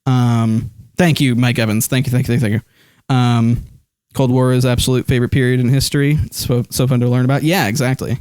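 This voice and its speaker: A man's voice: mid-range voice, little pitch movement, brisk, a little mellow, clean tone, dry recording, studio quality. A man streaming live, rambling casually and reading chat comments aloud with lots of fillers while holding his phone. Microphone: desk microphone.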